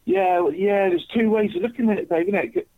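A man's voice: high-pitched, fairly quick. Man, casual podcast chat, rambling, tinny phone-like sound. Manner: chatty, rambling, says "mate" constantly. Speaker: podcast co-host, football tipster.

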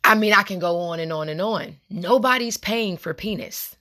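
Speaking at normal speed in a sharp, mid-range voice, a young woman delivers a casual but passionate podcast monologue. She talks directly to her audience, addressing them as "y'all."

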